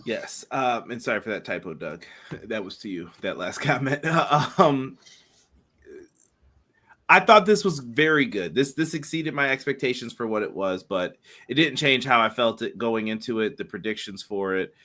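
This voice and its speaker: A man's voice: mid-range voice, lively intonation, normal speed, pushed and bright. A man co-hosting a wrestling podcast, chatting casually and laughing between points. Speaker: podcast co-host.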